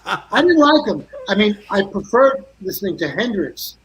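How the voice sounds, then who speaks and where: An older man, a guest guitarist, telling lively stories in a casual interview over a video call. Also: high voice, moderate pace, crowd noise, rough recording. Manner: animated anecdotes full of quoted voices.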